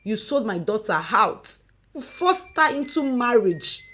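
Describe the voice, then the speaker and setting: A woman voicing a furious, grieving middle-aged mother who shouts and scolds with sharp exclamations. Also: a little high, very animated, a little slow, a little hiss or hum, pitched above the performer's own voice.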